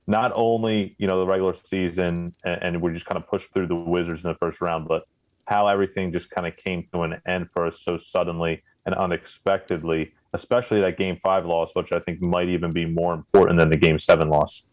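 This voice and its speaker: A man's voice: low voice, flat delivery, brisk. A man hosting a sports podcast, talking loosely and conversationally as he sets up the discussion. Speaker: podcast host.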